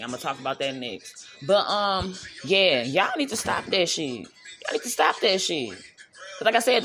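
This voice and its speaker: A woman's voice: deep voice, a bit bright. A woman hosting her own show, ranting in a casual, blunt and profane way, preaching at her listeners and stretching some words out for emphasis. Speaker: host. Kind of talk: casual rant to camera.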